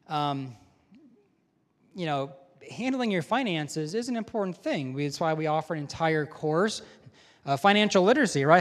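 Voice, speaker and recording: A man, head of a school, giving a conversational chapel talk to students, joking and asking them questions. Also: a little high. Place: large chapel or auditorium with balcony. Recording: long hall reverb.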